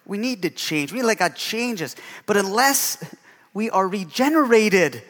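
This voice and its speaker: A man's voice: high voice, lively intonation, moderate pace, fairly bright tone, big-room sound. A male pastor preaching a sermon with emphasis, often calling out for an amen.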